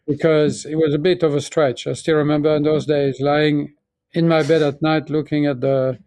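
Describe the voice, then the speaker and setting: A man in his sixties from France with a French accent, speaking as an interview guest and telling his story in a reflective, halting way with many restarts. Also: on the high side, little pitch movement, darkish tone, no room sound. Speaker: guest, pharmaceutical chief executive. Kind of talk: conversational interview.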